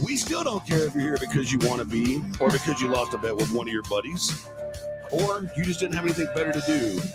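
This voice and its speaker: A man's voice: on the high side, very animated, normal speed, loud music behind the voice. A man hosting a casual podcast, joking loosely and swearing freely. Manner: loose, profane banter. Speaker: podcast host.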